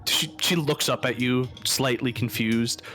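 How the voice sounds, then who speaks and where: A man's voice: medium pitch, measured pace, pushed and bright, faint music behind. A man narrating as dungeon master in a tabletop role-playing game, casual and full of fillers.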